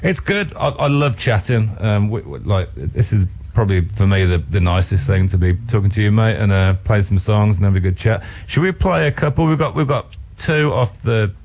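A man hosts a relaxed conversation, stumbling over and repeating words with plenty of ums. His voice is fairly low yet moves animatedly up and down. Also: normal speed, few pauses. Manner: hesitant, repeats words, many fillers. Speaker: host. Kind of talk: casual chat.

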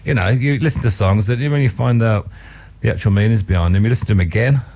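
A man hosting a radio music show, effusive and quick to call his guest mate. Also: on the low side. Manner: warmly enthusiastic, says mate a lot. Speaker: radio host. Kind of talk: casual radio interview.

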